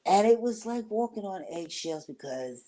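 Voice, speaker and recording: A woman's voice: medium pitch, animated, normal speed, warm tone. A middle-aged woman casually telling a personal story to camera, rambling and acting out what people said. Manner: rambling, conversational, acts out quoted talk.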